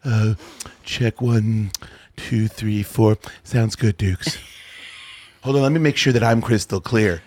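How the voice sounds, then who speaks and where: A man putting on a slow, dim-witted, self-satisfied voice to mock a young male sound producer. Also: on the low side, darkish tone, pitched below the performer's own voice. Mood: smug. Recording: noisy studio microphone with pops.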